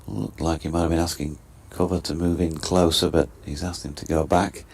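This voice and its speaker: A man giving live ball-by-ball cricket commentary in a steady, wry way as the lead commentator. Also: sits low, moderate pace, creaky, breathy edge. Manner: steady, wry, describes play and scene.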